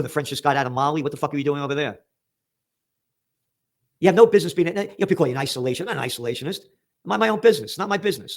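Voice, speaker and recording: Sarcastic American man ranting over headlines. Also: a little high. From United States. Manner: emphatic, sarcastic, reads headlines aloud then rants. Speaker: political commentary show host. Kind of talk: ranting news commentary.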